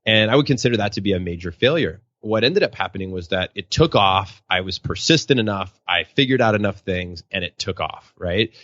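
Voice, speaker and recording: A man's voice: fairly low pitch, a little fast, hardly any pauses, no room sound, lo-fi sound. A man telling personal stories as a podcast guest, acting out quotes in a raised voice. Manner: animated, acts out quotes in a raised voice. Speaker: podcast guest, professional speaker. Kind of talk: storytelling interview answer.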